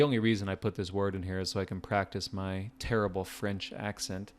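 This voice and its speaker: A man's voice: low voice, a little fast, few pauses. Chatty American man tutoring vocabulary. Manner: relaxed, chatty, jokey asides. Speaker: test prep tutor. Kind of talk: casual vocabulary lesson.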